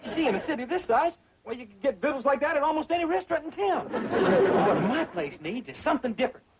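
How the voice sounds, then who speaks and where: A man's voice: very high-pitched, very animated, quick pace, a loud crowd. An actor playing a naive, boastful young hillbilly man with a drawling rural Southern accent in a sitcom. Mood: scheming. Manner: drawling, folksy. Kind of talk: 1960s sitcom acting. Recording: dull old TV audio, audience laughter, hiss.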